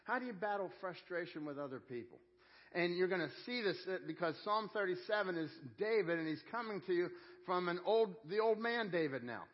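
A man delivers a sermon in an earnest, conversational way, circling back over his phrases as he goes. His voice sits a little high for a man. The recording is dull and lo-fi. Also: expressive, a little fast. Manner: earnest, conversational preaching with repeated phrases and restarts. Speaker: pastor.

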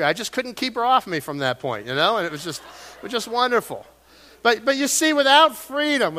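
A man's voice: high voice, bright, forceful tone. A middle-aged man preaching a sermon in a church, folksy and storytelling, with self-deprecating asides. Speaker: pastor. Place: church sanctuary.

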